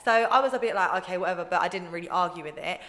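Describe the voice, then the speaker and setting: A woman's voice: on the low side, racing. A young woman chatting as a guest, telling stories and acting out what others said. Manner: chatty storytelling, quotes others in lively voices. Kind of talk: casual chat. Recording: roomy with long reverb.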